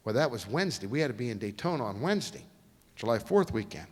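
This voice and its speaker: A folksy male guest speaker tells stories in a lively, swooping voice. He acts out each quote, and his voice rings through a long echoey lecture hall. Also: mid-range voice, fast. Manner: folksy, animated storyteller acting out quotes. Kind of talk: storytelling lecture.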